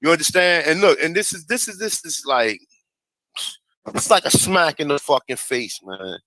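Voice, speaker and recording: A man's voice: a little high, sing-song, moderate pace, bright, forceful tone, no echo, rough recording. A man who hosts a casual commentary vlog. He curses freely, rants with heat, and stumbles over names as he reads a text aloud. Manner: profane, heated, stumbles over names while reading. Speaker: host.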